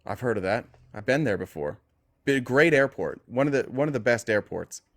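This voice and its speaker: A man's voice: mid-range voice, expressive, normal speed, fairly bright tone. A man hosting a call-in talk show, chatting casually with callers, teasing them and laughing often. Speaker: podcast host taking callers. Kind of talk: casual chat.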